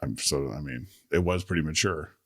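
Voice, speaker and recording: Low-voiced rambling podcast co-host. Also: male voice, fairly quick, husky, dry recording, studio quality. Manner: rambling storytelling, swears, laughs easily. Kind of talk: casual chat.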